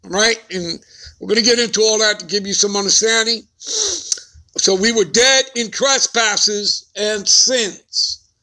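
Male preacher, scripture teaching, emphatic, constant check-in questions, high and bright. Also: slow pace. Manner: emphatic, keeps asking "all right?" and "okay?".

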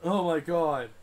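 A man's voice: a little high, vocal fry, darkish tone. A young man live-streaming a game, frustrated, swearing, and talking both to himself and to his chat. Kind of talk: live gameplay commentary.

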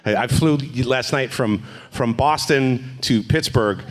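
A man's voice: mid-range voice, slow pace. A man, a voice actor talking casually on a convention panel, joking and slipping into voices. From New Jersey. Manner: jokey, slips into character voices. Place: convention stage.

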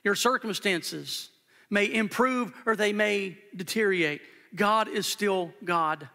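A male pastor preaches slowly in a high, pushed, bright voice, repeating phrases to drive them home in an earnest, emphatic sermon. It was captured live in a church sanctuary, with the long reverb of the hall.

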